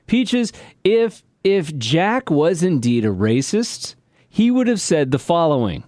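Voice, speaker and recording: Slow, lively-voiced podcast man. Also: a little high, no room sound, studio quality. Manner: deliberate, explains points step by step. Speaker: podcast co-host. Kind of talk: casual podcast chat.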